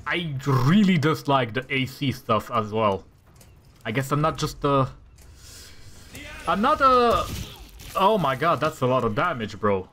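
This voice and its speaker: This man narrates his tactical role-playing game casually, reacting to rolls aloud, swearing a lot, and trash-talking the enemy. His mid-range, fairly bright voice has big pitch swings, an unhurried pace, and frequent pauses.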